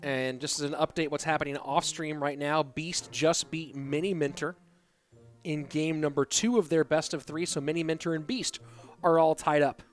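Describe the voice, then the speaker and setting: A man with a high voice casts a live esports match, brisk and informative. Loud game music plays under his commentary. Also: steady tone. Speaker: esports caster.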